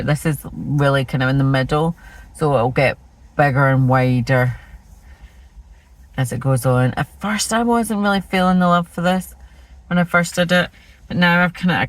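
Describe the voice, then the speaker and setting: A woman's voice: extremely low pitch, rough recording. A Scottish woman chatting casually and rambling about her stitching projects in a self-deprecating way. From Scotland. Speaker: flosstube host. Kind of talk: casual chat showing cross-stitch projects.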